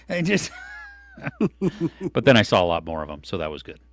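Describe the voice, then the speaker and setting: Animated man, chatty live-stream co-host. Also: normal speed, dry recording. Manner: animated, swinging from excited outbursts to low mutters. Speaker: podcast co-host reading live chat. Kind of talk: casual live-stream chat. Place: home studio.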